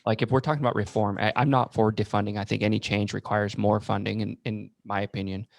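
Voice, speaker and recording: A man with a lowish, gravelly voice hosting a podcast interview. He asks questions in a measured, hesitant way. His voice sounds dry and close, with no room around it. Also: flat delivery, no echo. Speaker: podcast host. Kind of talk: casual interview conversation.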